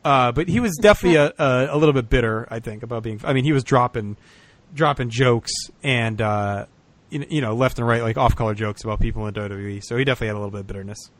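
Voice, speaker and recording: A man's voice: medium pitch, fast talker. A man co-hosting a podcast, telling a story in casual chat, swearing often and laughing as he talks. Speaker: podcast co-host.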